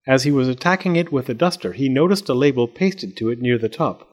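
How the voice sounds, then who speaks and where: A man reading a children's storybook aloud, narrating in an expressive, measured way. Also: medium pitch.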